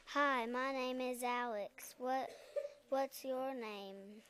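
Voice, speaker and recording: A woman reading the lines of a gentle, friendly male lion. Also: sits high, steady tone, takes it slowly, a crowd in the background.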